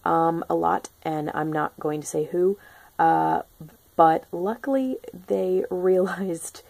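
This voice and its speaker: A woman's voice: lowish voice, slow, gravelly, a little mellow, dry recording. A young woman chatting casually in a spoiler-free film review, gushing and full of ums and restarts. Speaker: book and film vlogger.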